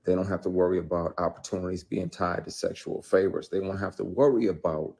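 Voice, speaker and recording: Husky man, heated and emphatic. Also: fairly even intonation, a little fast. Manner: emphatic, swinging between low intensity and loud outbursts. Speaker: actor telling his story. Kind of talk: heated personal account, clip.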